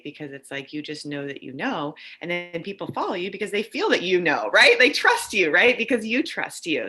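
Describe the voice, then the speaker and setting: Encouraging woman host, very low pitch, bright tense tone. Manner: encouraging, often adds "right?". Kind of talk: casual interview talk.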